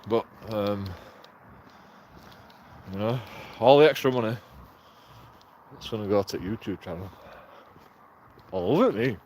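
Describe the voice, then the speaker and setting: A man's voice: lowish voice, unhurried, pauses often, darkish tone, a little hiss or hum. Sweary man rambling. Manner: sweary, rambling, chuckles often. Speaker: vlogger. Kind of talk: rambling casual monologue.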